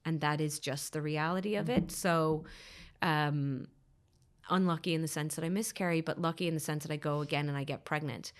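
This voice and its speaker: A woman's voice: sits low, fairly even intonation, fairly quick. An Irish woman in her thirties, a podcast guest, earnestly telling a personal story and often repeating her phrases.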